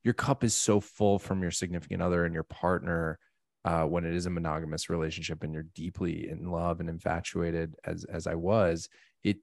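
A man's voice: low-pitched, fairly quick, vocal fry, no room sound, clean studio sound. A man hosting a casual podcast chat, playful and joking. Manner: playful, joking, animated asides. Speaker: podcast host.

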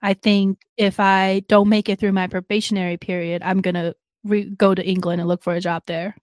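A woman's voice: medium pitch, flat delivery, a little fast, dry recording. A woman co-hosting a casual chat, recapping a drama and acting out the characters' lines. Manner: chatty, laughs often, acts out characters' lines. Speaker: podcast co-host recapping a drama.

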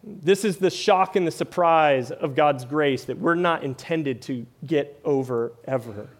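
A man's voice: on the high side, unhurried. A man preaching a sermon in a conversational way, often tagging lines with "right?" and "like". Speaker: pastor.

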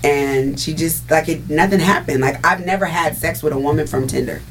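A woman's voice: low voice, normal speed, a little hiss or hum, low-quality recording. A woman co-hosting a frank casual chat, explaining her views earnestly in long runs.

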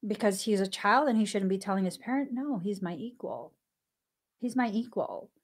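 A woman hosting a spiritual podcast, talking earnestly and candidly with thoughtful pauses. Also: medium pitch, animated. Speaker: podcast host. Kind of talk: reflective spiritual podcast talk.

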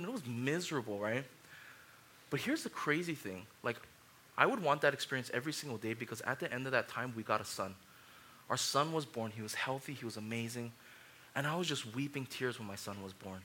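A pastor in his thirties preaching with a high, bright, ringing voice. He tells personal stories, rising into loud, lively passages and dropping into quiet, heartfelt ones. His delivery is animated and earnest throughout. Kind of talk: sermon.

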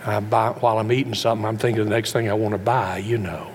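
Folksy middle-aged preacher. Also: male voice, on the low side, fairly even intonation, quick pace, slight background noise. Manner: folksy, rhetorical questions to the congregation. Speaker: pastor. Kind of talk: sermon.

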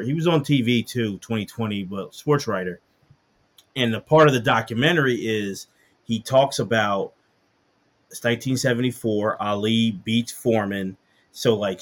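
A man telling a story in a casual chat, animated when he quotes other people. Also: fairly low pitch.

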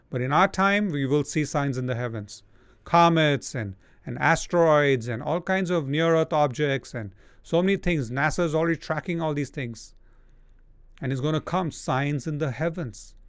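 A man's voice: a little high, normal speed, smooth, no echo. A man preaching a sermon, hammering repeated commands and mimicking whining people. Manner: forceful, repetitive exhortations, mocking whiny voices.

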